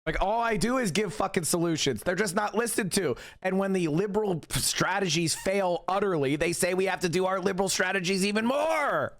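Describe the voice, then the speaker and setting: A man's voice: high-pitched, a little fast, vocal fry, few pauses, no echo, studio quality. A man hosting a livestream, ranting with heated sarcasm and lots of profanity. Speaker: livestream host. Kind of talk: ranting live commentary.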